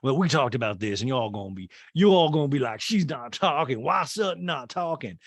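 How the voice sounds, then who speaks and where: A man's voice: mid-range voice, lively intonation, brisk, no echo. A man impersonating a blunt, defiant woman with a put-on drawl. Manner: loud, drawling, emphatic. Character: loud blunt Southern woman, defiant and brassy.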